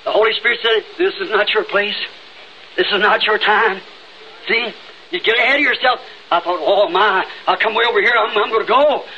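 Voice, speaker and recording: Man, Southern accent, revival preacher, fervent, sudden shouts, very high voice, dull old tape recording. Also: moderate pace. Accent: Southern United States. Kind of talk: old-time revival sermon. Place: church sanctuary. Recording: dull lo-fi 1960s tape with faint hiss.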